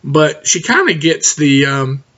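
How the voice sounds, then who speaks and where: A middle-aged man teaching a college writing class in a recorded lecture, talking fast and direct, often checking in with "okay?". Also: fairly high pitch, big pitch swings, sharp tone. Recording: dull lo-fi recording.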